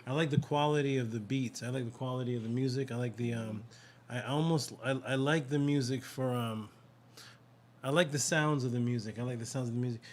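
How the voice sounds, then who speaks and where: A man's voice: medium pitch, fairly quick, darkish tone, slight background noise. Rambling man giving blunt song critique. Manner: rambling, repeats himself, many fillers. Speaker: co-host reviewing songs. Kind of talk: casual live-stream chat.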